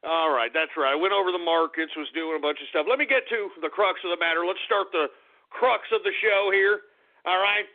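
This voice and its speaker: A man's voice: high-pitched, a little fast. A man hosting a political talk radio show, ranting angrily and cursing at his listeners. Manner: angry, profane, shouting at listeners. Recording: tinny phone-like internet radio audio.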